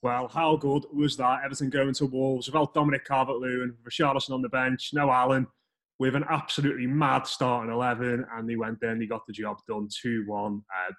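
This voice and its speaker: A man's voice: mid-range voice, a bit bright. A man hosting a casual football podcast over a call, upbeat, with a few restarts. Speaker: podcast host.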